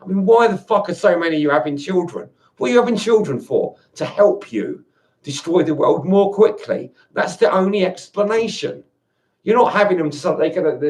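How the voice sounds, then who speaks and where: A man's voice: a little high, a little mellow. Agitated, swearing man ranting. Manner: agitated, swearing, repeats and restarts words. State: angry, worked up. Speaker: video rant maker. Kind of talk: angry monologue to camera.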